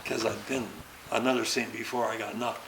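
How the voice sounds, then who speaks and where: A man's voice: fairly low pitch, a little fast, heavy background noise. Older man spinning a stunt yarn. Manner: animated, acts out the action with sounds and laughter. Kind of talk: anecdotal storytelling. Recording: roomy recording.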